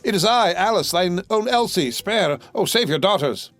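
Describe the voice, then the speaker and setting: A young woman, played by a male narrator, calls out in piercing, pleading cries. The pitch leaps far above the reader's usual tone. Soft music sits behind her. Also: animated, moderate pace, no echo.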